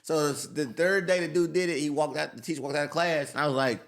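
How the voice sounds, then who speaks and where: A young adult man in casual podcast chat, telling animated stories and mimicking other people's voices. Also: fairly high pitch, quick pace. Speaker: comedian and co-host.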